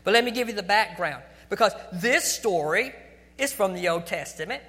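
A man's voice: high-pitched, animated, normal speed, bright, forceful tone. A man preaching a sermon in a conversational way, often restarting his sentences as he goes. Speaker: pastor. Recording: long hall reverb.

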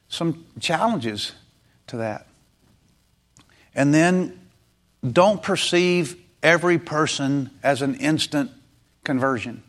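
A man preaching a sermon in an earnest, conversational way, acting out short bits of dialogue. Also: fairly high pitch. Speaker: pastor.

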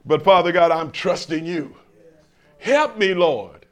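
An older man delivers a sermon in a fairly high voice. He stumbles over repeated words, then swells into emphatic lines and tosses questions out to the congregation. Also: slow pace, soft background music. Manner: call-and-response, stammering restarts, emphatic swells. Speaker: preacher. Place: church in front of a congregation.

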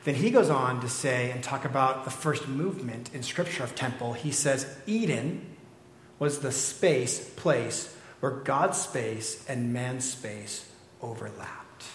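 A man's voice: medium pitch, takes it slowly, a little hiss or hum. Man, middle-aged pastor, conversational sermon, rhetorical questions, echoey hall.

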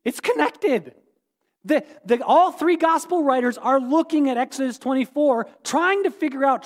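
A pastor preaching a sermon in a church, animated and playful, often quizzing the congregation, with echoey hall reverb. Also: male voice, very high voice. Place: church sanctuary.

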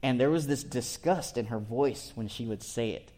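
A man's voice: mid-range voice, normal speed, dark tone. A man preaching a verse-by-verse sermon in a conversational way, explaining word by word and often asking his listeners "right?".

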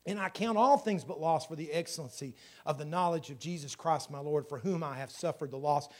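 A man preaching as pastor, telling a story and building to fervent, louder passages. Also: a little high, brisk. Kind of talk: sermon.

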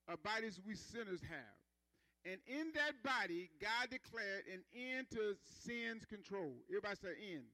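A man's voice: very high-pitched, fairly bright tone, no echo, poor audio. A man preaching a sermon in a conversational style, calling for responses from the congregation and building rhythmic emphasis.

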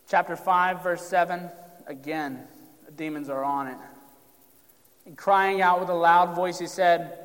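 A man's voice: a little high, normal speed. Preaching man in a reverberant hall. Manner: preaching with rising emphasis, direct address to congregation. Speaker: pastor. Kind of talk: sermon.

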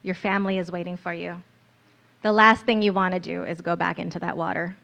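A woman's voice: lowish voice, level tone, a little fast, gravelly, fairly bright tone, muffled recording. A woman narrating a guided scripture meditation in the second person, in an earnest, storytelling manner.

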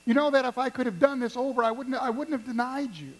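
A man's voice: very high voice, expressive, a little fast, pitched above the performer's own voice, heavily acted, poor audio. A man preaching, acting out Peter as a hurt grown man who pleads and repeats himself. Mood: hurt pleading.

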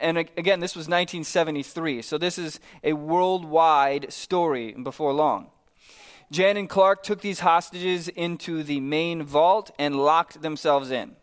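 A man's voice: on the high side, smooth. A man, a pastor, preaching a sermon and telling a story with hesitant fillers and light asides.

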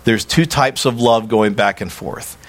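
A man preaching a sermon as a pastor, animated and emphatic, acting out quoted dialogue. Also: lowish voice, measured pace.

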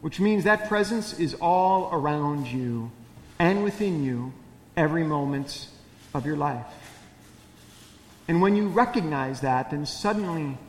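A man's voice: on the high side, a little slow. Conversational male pastor in an echoey hall. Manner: conversational, asks the congregation questions. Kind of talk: sermon.

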